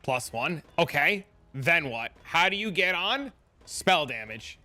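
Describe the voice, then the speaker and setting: A young male game streamer in casual, profane chatter with his viewers. His voice runs high and bright. Faint music plays under his talk. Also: lively intonation, slow. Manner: profane, chatty, answers chat. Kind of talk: casual live-stream commentary.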